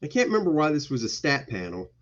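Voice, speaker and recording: A man's voice: medium pitch, wildly swooping pitch, fast, fairly bright tone, lo-fi sound. A male comic book artist giving casual, jokey commentary on his pages during a livestream. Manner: playful, jokey, slips into goofy voices.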